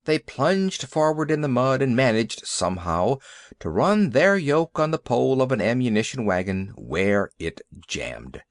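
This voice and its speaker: Expressive male audiobook narrator. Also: mid-range voice, measured pace, dry recording, clean studio sound. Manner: expressive, lively storytelling. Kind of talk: storybook narration.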